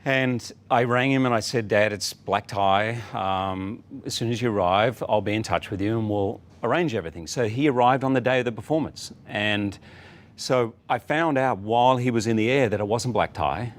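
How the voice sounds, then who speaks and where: Australian man telling a warm anecdote. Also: on the low side, moderate pace. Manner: warm anecdotal storytelling, acts out quotes. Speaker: guest. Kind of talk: casual talk show interview.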